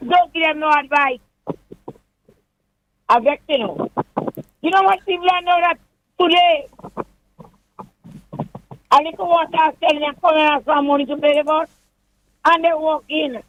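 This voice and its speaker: A woman's voice: high voice, normal speed, pauses often. A woman with a Grenadian accent calling into a radio show, ranting heatedly. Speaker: caller. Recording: dull dry phone line.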